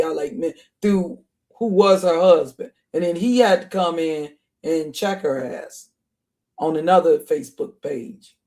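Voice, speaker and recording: A man with a notably high-pitched voice delivers reaction commentary. He talks in heated, repetitive bursts, doubling back on his points with outraged asides. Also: a little mellow. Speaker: online commentator.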